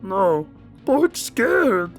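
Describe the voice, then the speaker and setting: A man voicing a huge, simple-minded male ogre who talks slowly in broken grammar, eager and easily scared. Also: high-pitched, very animated, soft background music, pitched above the performer's own voice, heavily acted. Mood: childlike.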